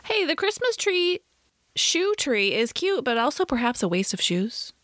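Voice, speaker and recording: A woman's voice: sits high, very animated, unhurried, a bit bright, no echo, studio quality. A woman co-hosting a podcast, reviewing a movie in casual chat with wry, opinionated asides. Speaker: podcast co-host.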